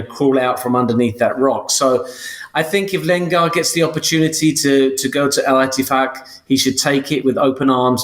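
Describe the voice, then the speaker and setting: An English man co-hosting a soccer podcast, talking casually with many fillers and restarts. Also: medium pitch. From England. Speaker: co-host.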